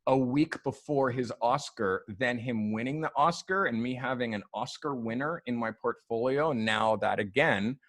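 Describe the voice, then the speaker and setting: A man, a photographer, telling long stories in a relaxed interview, full of fillers like "um" and "like". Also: mid-range voice, normal speed, hardly any pauses. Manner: loose, animated storyteller who acts out quoted people; frequent fillers like "um" and "like". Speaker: photographer guest. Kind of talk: storytelling in a podcast interview.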